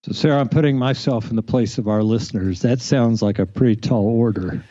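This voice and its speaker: A man's voice: mid-range voice, a little fast, warm tone, no echo. A man co-hosting a faith podcast, speaking thoughtfully and telling personal stories. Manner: thoughtful, storytelling. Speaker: podcast co-host. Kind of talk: reflective faith podcast chat. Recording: slightly dull lo-fi recording.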